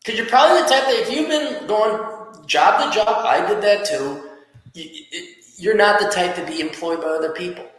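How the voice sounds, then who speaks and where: A man's voice: sits high, normal speed, a bit bright. A man hosting a podcast, giving blunt, profane career advice in a casual rant. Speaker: podcast host. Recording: echoey room with long reverb.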